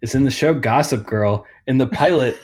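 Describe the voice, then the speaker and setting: A man's voice: mid-range voice, moderate pace, a little mellow, slightly rough. A man co-hosting a podcast, joking and laughing in casual chat. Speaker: podcast co-host.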